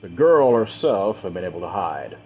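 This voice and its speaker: A man with a low voice narrates a dark fantasy story, swelling in force on the action beats. He strings events together with repeated linking phrases, and a faint hum sits under the recording. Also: sing-song, normal speed, phone-quality sound. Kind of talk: dramatic fiction narration.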